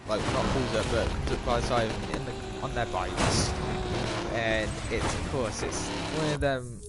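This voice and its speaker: Rambling man over loud engines. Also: medium pitch, moderate pace. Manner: rambling, full of restarts and asides. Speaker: gamer retelling a film while playing. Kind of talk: casual gameplay commentary. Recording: loud car and game noise behind.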